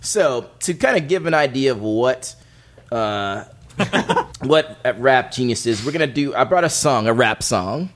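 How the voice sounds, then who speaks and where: A man co-hosting a podcast, explaining a segment in animated casual banter with many restarts, seated at a studio table. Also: medium pitch, a little slow. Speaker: podcast co-host presenting a segment.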